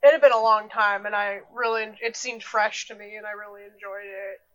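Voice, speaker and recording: A woman's voice: mid-range voice, fairly even intonation, brisk, a bit bright, low-quality recording. A young woman co-hosting a casual film podcast, laid-back and chatty, laughing often and swearing offhandedly. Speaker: podcast co-host. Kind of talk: casual film discussion chat.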